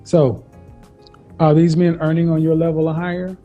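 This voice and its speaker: A man with a very dark, mellow voice lectures a caller in a stern, curt way. The clip sounds dull and lo-fi, with faint music under it. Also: on the high side, monotone, moderate pace. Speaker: dating advice host. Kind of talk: call-in advice show.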